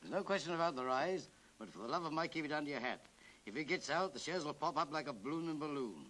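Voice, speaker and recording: A man's voice: a little high, expressive, fast talker, bright, forceful tone, poor audio. An actor playing a confidential, folksy man passing on a share tip in a 1930s film. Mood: confiding. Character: confiding city tipster on the phone, middle-aged. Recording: faintly hissy 1930s film soundtrack.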